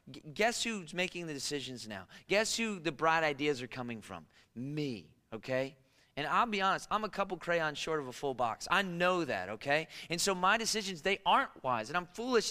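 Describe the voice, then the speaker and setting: A man preaching in a church, his voice resonant and sharp-edged with a slightly raised pitch. He delivers the sermon in a loose, storytelling way with humorous asides. A long reverb trails behind him, as in a big hall. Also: clean tone. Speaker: pastor.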